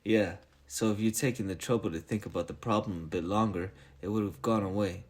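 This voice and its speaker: A man's voice: fairly low pitch, brisk, lightly acted. A man reading aloud, voicing a conceited male spaceship captain who complains irritably. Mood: irritable.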